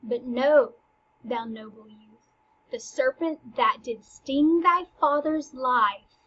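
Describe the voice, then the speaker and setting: A woman voicing the ghost of a murdered king, reciting verse slowly and solemnly. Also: high voice, fairly bright tone, muffled recording, full character voice.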